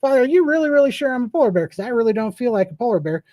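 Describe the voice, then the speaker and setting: A fretful little polar bear cub, as a man puts him on, high and squeaky, asking again and again in a rushed, whiny voice. The sound is close and dry. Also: very animated, mellow, no echo. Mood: whiny puzzled. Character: young baby polar bear, puzzled and shivering.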